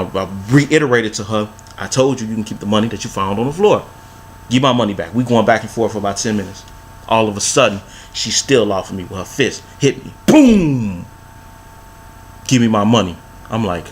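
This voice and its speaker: Vlogger, male, thirties, lowish voice, slangy and repetitive storytelling, faint noise behind. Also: a bit bright. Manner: laid-back, repetitive, street slang. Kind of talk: casual storytelling monologue.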